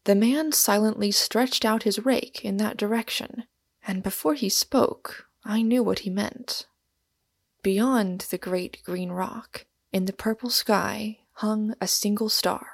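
A woman narrating a literary novel in a measured, descriptive reading. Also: mid-range voice, fairly even intonation, creaky, no echo. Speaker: audiobook narrator.

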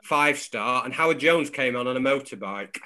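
A man's voice: medium pitch, animated, normal speed, pushed and bright. A man hosting a casual football podcast, jokey and teasing his co-hosts. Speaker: podcast host.

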